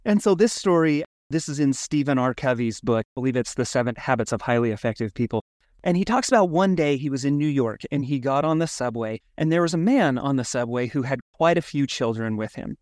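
A man co-hosting a podcast in casual chat, telling stories with lively acted-out asides. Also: medium pitch, brisk, no echo, clean studio sound. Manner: animated storyteller, acts out his own thoughts. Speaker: podcast co-host.

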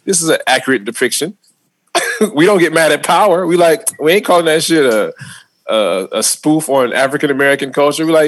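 A man in his thirties co-hosting a casual comedic chat, animated and profane, often laughing and mimicking other people's voices. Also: a little high, fairly quick, no echo. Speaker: podcast co-host.

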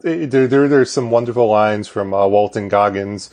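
A man's voice: fairly low pitch, normal speed, darkish tone. A man as a podcast guest, talking in a rambling, self-deprecating way. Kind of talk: casual chat.

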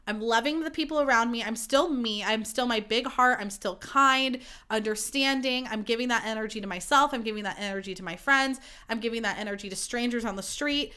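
Bright-voiced young woman podcaster. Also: fairly high pitch, clean tone. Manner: candid, profane, animated and self-mocking. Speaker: podcast host. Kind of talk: casual solo podcast chat.

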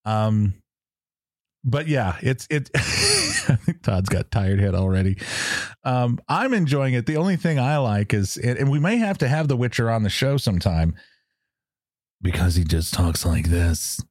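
A man's voice: mid-range voice, wildly swooping pitch, moderate pace, no echo, clean studio sound. A man co-hosting a podcast, chatting casually and rambling through explanations with frequent laughs. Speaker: podcast co-host. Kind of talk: casual chat.

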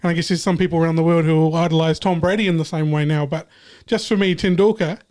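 A man's voice: on the high side, steady tone, fast talker, a little mellow. A man sharing a memory on a casual podcast, earnest and hesitant at the start of his sentences. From New Zealand. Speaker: podcast panelist. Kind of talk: casual chat.

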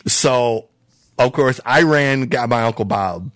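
Guy from michigan hosting a podcast, rambly storyteller, middle pitch, dry close mic. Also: slow pace, fairly bright tone, no echo. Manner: rambling, lots of "uh" and "you know". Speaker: podcast host. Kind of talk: casual storytelling chat.

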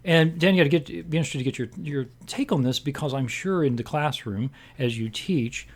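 A man's voice: a little high, a little fast. A man co-hosting a casual movie podcast, steering the talk with meandering, filler-heavy questions. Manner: rambling, full of fillers and restarts. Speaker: podcast co-host leading discussion. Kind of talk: casual film discussion.

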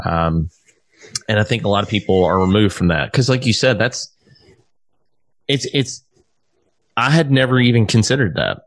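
A man with a lowish voice hosts a loose podcast conversation. He rambles, swears freely and restarts his sentences often. The sound is dry, with no room echo. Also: animated, normal speed, long pauses. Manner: rambling and profane, with many restarts. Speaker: podcast host, musician. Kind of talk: casual chat.

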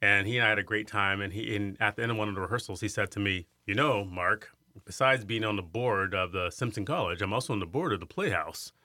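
A man in his fifties from Iowa, a singer telling stories about his career in an interview, animated and acting out the voices of others. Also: lowish voice, quick pace, no echo, studio quality. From Iowa, USA. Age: 50s. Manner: animated storyteller who acts out quoted voices. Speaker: guest, singer and arts center director. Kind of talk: storytelling in an interview.

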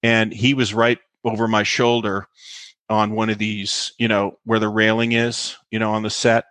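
A man's voice: fairly low pitch, moderate pace, no echo. A male actor as interview guest, telling behind-the-scenes anecdotes with lots of fillers and acted-out quotes. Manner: animated anecdote teller, acts out quotes, many fillers. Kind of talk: storytelling interview.

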